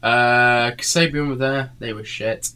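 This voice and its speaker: A man's voice: medium pitch, fairly even intonation, measured pace, sharp tone, clear, resonant tone. A man, tired, telling a rambling story in a casual chat full of fillers and swearing.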